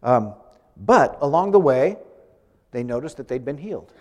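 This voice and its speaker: A man's voice: mid-range voice, sing-song, moderate pace, a little mellow. A man preaching a sermon to a congregation, talking in a conversational way with light humorous asides. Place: church sanctuary. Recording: long church reverb.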